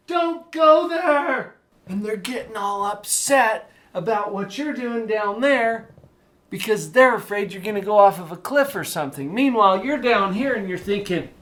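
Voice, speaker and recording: A middle-aged man giving a motivational talk to teenagers about their parents, telling a story and acting out both sides. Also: high-pitched. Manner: animated storytelling, acts out parents and kids. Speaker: parenting coach.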